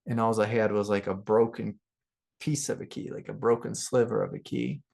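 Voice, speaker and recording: A middle-aged man, a spiritual teacher, telling a personal story in a relaxed, rambling way with many fillers and soft laughs. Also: on the low side, moderate pace, gravelly. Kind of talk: relaxed satsang talk with personal stories.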